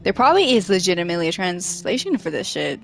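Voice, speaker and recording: A woman's voice: lowish voice, very animated, fast talker, gravelly, faint music behind. A woman doing casual let's play commentary, muttering and swearing in exasperation. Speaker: let's player.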